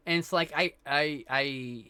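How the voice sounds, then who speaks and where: Stoned male streamer, rambling and swearing, bright and a bit high-pitched, dry close mic. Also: a little slow, smooth, no echo. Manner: rambling, scattered, swears a lot. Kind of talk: casual chat with chat.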